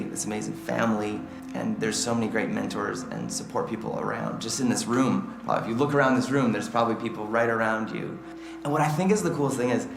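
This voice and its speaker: A man's voice: medium pitch, creaky. A man giving an earnest, hopeful award acceptance speech in a hotel ballroom, speaking conversationally to the room. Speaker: award recipient. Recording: echoey ballroom with music.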